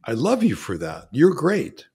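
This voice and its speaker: A man who is a filmmaker guest on a podcast, speaking in a lively, enthusiastic way with frequent restarts. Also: mid-range voice, unhurried, slightly rough. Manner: animated, enthusiastic, with frequent restarts and acted-out quotes. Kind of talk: casual interview conversation.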